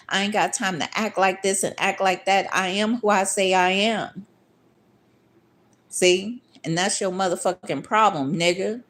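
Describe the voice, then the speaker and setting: Profane ranting woman with AAVE. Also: medium pitch. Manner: profane, confrontational, streetwise; acts out others' voices in quoted asides. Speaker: vlogger. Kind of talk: ranting monologue.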